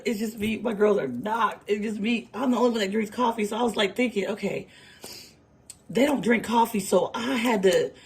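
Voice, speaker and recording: A woman tarot reader chatting casually and telling an animated story, laughing and using slang. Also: on the high side, a little hiss or hum. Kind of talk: casual chat. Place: home kitchen, early morning.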